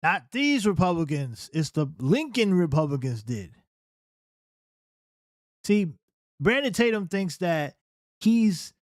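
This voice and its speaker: A man talks through political history in an unscripted reaction commentary. He is emphatic and keeps turning to the listener with "right?". His voice sits a little high, and the sound is dry and close to the mic. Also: dry recording.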